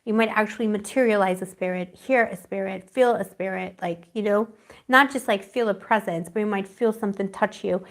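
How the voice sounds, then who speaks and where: A woman's voice: mid-range voice, brisk. A woman giving a live tarot reading, rambling and affectionate, calling her viewers pet names and searching dreamily for her words. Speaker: tarot reader.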